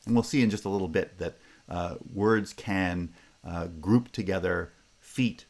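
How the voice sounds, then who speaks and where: A man giving a university phonetics lecture, pausing with fillers and restarts and checking in with the class with "right?" and "okay?". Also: low-pitched.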